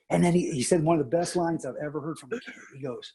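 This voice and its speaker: A man's voice: fast talker, gravelly, few pauses, husky. A middle-aged man, a teacher and coach, telling stories in a casual interview and acting out the people he quotes with big jumps in his voice. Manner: animated, acts out quotes with big pitch jumps.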